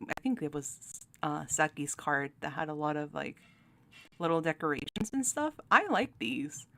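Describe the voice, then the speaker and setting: A woman's voice: deep voice, animated, moderate pace, pushed and bright. A young woman hosting her channel, chatting casually while ranking game cards, giggling often and talking with many fillers and restarts. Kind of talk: casual commentary.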